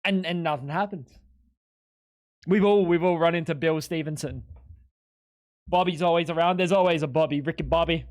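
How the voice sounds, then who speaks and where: Excitable, foul-mouthed streamer talking to chat. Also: medium pitch, normal speed, long pauses. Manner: excitable, profane, self-mocking banter. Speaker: live streamer. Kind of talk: live-stream gaming commentary to chat.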